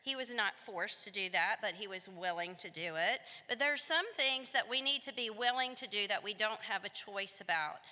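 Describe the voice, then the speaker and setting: Bright-voiced woman teacher telling a story. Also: mid-range voice, normal speed, hardly any pauses. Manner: animated, asks the children questions. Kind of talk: storytelling to schoolchildren. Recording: long reverb of a hall.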